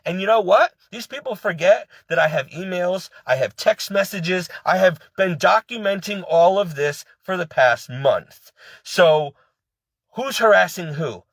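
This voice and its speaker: An angry, upset man vents in a rush, circling back and repeating himself as he talks. His voice sits high for a man. The sound is dry and close, with no room around it. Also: lively intonation, normal speed, a bit bright, dry recording. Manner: agitated, repetitive venting with many restarts. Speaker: ex-employee venting. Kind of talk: personal rant to camera.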